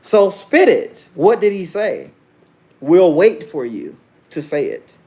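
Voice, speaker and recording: Man, 30s, livestream host; brash and preachy, slightly high, very animated pitch. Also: slow. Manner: brash, preachy, challenges chat viewers directly. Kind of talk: casual livestream monologue.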